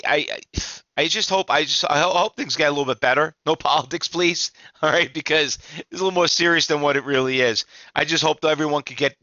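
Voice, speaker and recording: A man's voice: mid-range voice, pushed and bright, no echo, lo-fi sound. A middle-aged man, an exhausted trading instructor giving rambling, emphatic market commentary to viewers with many restarts.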